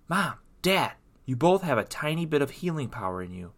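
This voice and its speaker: A man voicing a brave, stubborn young girl mermaid in a storybook reading, speaking high and insistent. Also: very animated, moderate pace. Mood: eager.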